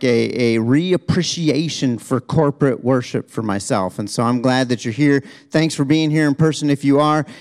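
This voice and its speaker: A man's voice: mid-range voice, darkish tone, smooth. Chatty, self-deprecating male pastor. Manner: casual, self-deprecating, with many restarts. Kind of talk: sermon. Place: church sanctuary, also streamed.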